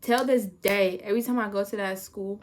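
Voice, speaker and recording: Animated woman telling a storytime vlog. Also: fairly quick. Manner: animated, acts out her own past panic with sudden high-pitched outbursts and laughter. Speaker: vlogger telling a personal story.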